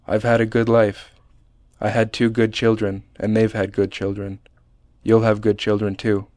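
A frail old grandfather near the end of his life, as a man reads him, speaking low and unhurried in a smooth, even voice. He is gentle but still a little stern, with flat, plain delivery in a dry, close sound. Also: dry recording, lightly acted. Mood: quiet.

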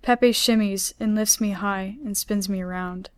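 A woman author reading her own story aloud in a measured, unhurried way. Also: mid-range voice, fairly even intonation, dry recording. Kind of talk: literary reading.

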